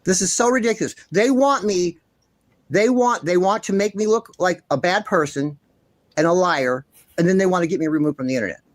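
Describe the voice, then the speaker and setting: A high-voiced man hosting a commentary channel speaks a little fast, ranting passionately and indignantly, swearing often, and insisting on his points over and over. The recording is dry.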